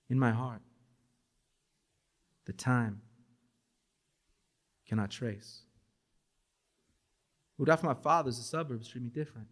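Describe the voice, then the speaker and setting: A man in his forties from Los Angeles performing spoken word poetry at a bookstore event, with emphatic, dramatic delivery and Spanish words mixed in. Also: mid-range voice. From Los Angeles, USA.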